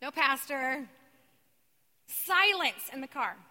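A woman preacher giving a sermon, telling her story dramatically and swinging between loud cries and hushed, near-whispered passages. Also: high-pitched, lively intonation, slow pace. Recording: long reverb of a large hall.

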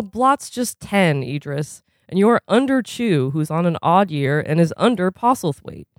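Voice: medium pitch, dry recording, clean studio sound. A reader giving a casual reading of a novel at home, often chuckling along the way.

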